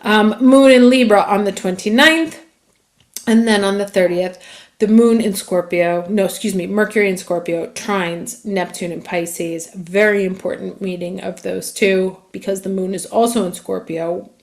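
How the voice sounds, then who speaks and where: Woman, astrologer, casual horoscope reading, chatty, mid pitch. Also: steady tone, moderate pace. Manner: chatty, casual, listing dates.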